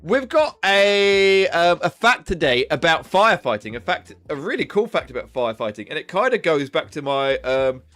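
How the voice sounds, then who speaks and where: A man's voice: a little high, big pitch swings, a little fast, few pauses, pushed and bright, faint music behind. A young man hosting a casual live stream, chatting loosely with viewers and swearing now and then. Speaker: livestream host.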